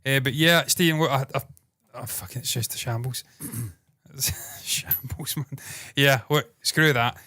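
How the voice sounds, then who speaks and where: A man's voice: medium pitch, moderate pace, sharp tone, dry recording, studio quality. A man in his thirties co-hosting a casual podcast, rambling, laughing and swearing freely. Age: 30s. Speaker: co-host. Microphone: loose desk mic.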